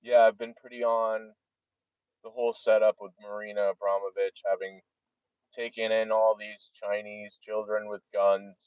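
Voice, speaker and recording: A man's voice: on the low side, little pitch movement, moderate pace, clean tone, no echo. Profane rambling man with a Jersey accent. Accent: New Jersey. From New Jersey. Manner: heavily profane, rambling, trailing off. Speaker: vlogger. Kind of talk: rambling monologue to camera. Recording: dull lo-fi dry recording.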